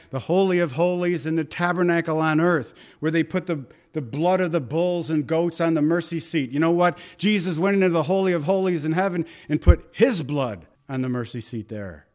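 Animated preaching man, higher voice. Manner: animated preaching with dramatized quotes and laughs. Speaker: pastor. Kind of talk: sermon.

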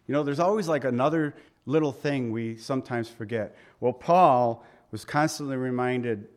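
A man's voice: mid-range voice, a little fast. A middle-aged man preaching a conversational sermon, asking rhetorical questions and voicing quotes dramatically. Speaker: pastor.

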